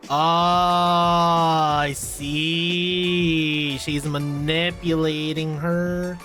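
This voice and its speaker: A streamer commenting live on a story game, excitable, laughing a lot and repeating words. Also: medium pitch, measured pace, soft background music.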